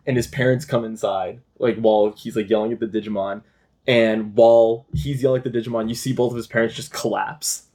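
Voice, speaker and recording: A man's voice: lowish voice, fairly even intonation, fairly quick, darkish tone. A young man hosting a podcast, retelling a film plot in casual chat, swearing and laughing often. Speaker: podcast host.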